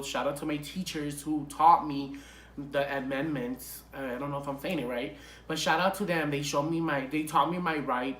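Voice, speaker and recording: Young male vlogger, casual and profane story time, sharp bright tone, roomy echo. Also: a little high, slight background noise. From Los Angeles area.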